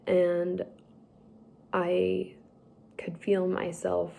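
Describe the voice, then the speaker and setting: A young woman slowly telling a personal story, halting and emotional at times. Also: fairly low pitch, monotone, vocal fry, a little mellow, a little hiss or hum. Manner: slow, halting, tearful at times. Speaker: speaker sharing a personal story.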